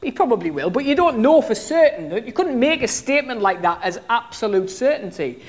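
A British preacher in their thirties delivers a sermon in a relaxed, conversational way. The delivery is animated, with frequent ums and restarts as thoughts form mid-sentence. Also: mid-range voice, a little fast. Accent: British English. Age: 30s. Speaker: pastor.

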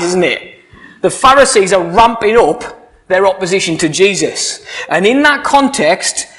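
Guy preaching, high-ish voice, earnest, keeps asking the congregation questions. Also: fairly bright tone. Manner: earnest, emphatic, asks the listeners rhetorical questions. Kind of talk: sermon.

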